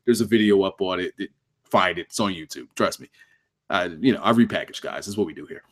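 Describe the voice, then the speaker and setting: A man's voice: deep voice, a little fast. A man hosting a casual livestream review of a wrestling show, cursing freely, laughing often and joking with his chat.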